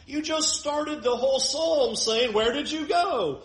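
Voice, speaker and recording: A man preaching a sermon, reading scripture slowly and with drama, then asking his listeners questions. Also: very high voice, echoey room, low-quality recording.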